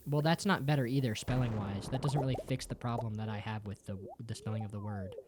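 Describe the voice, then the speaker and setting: Casual livestream chat, jokey, swearing, says bro constantly, voice swinging high and low, medium pitch. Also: fast, background noise. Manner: swears often and ends sentences with "bro"; playful and jokey, with big jumps up and down in pitch. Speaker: streamer.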